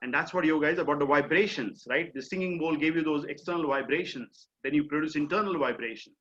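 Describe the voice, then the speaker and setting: Teaching mindfulness online, this middle-aged man with an Indian accent talks fast in a slightly high, somewhat bright voice. He's conversational and explanatory, leaning on lots of fillers. The audio comes through a video call from a home or office and sounds dull and lo-fi.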